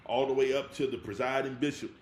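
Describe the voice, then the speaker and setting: A man's voice: medium pitch, quick pace. Married man telling stories, echoey room. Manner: animated storyteller, laughs often. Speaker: podcast co-host. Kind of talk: casual chat. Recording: echoey room with faint hiss.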